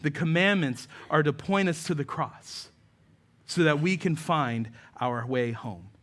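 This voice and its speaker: A pastor delivers a sermon in a slightly high male voice. He tells stories and acts out the people he quotes. He often drops to a near-hush at the end of a phrase. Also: unhurried. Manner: preaching with story-telling, voicing quoted people.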